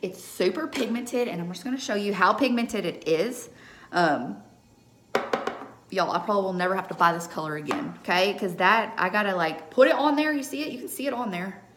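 A woman's voice: mid-range voice, a little fast, background noise. A young woman chatting through a live makeup tutorial at home, checking in with her viewers after nearly every step. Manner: chatty, keeps checking in with "okay?". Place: home room under a ring light. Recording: echoey room.

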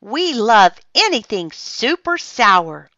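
Casting: woman voicing a chirpy, eager little girl, bright and high. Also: sing-song, takes it slowly, no echo, muffled recording, full character voice. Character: cheerful young girl who loves sour things.

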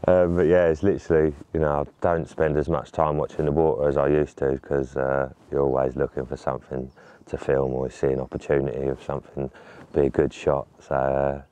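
A man's voice: extremely low pitch, little pitch movement, moderate pace, warm tone, dry recording. A man with a laid-back, murmured way of talking, chatting casually to camera while filming a trip outdoors by a lake. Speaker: vlogger filming a fishing trip.

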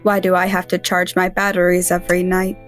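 A woman's voice: lowish voice, monotone, brisk, faint music behind, pitched below the performer's own voice, natural voice. A woman voicing a gloomy, sulky drone machine. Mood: mopey.

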